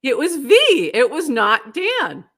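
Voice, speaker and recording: A woman's voice: high-pitched, takes it slowly. Chatty woman with a faint Boston accent. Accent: Boston, mostly softened. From Boston area, US. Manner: chatty, laughs often, animated. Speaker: podcast co-host. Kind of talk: casual chat.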